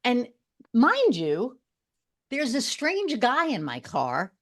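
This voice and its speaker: A woman from Long Island, a podcast guest, telling a personal story in casual chat and checking in with quick asides. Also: a little high, huge pitch swings.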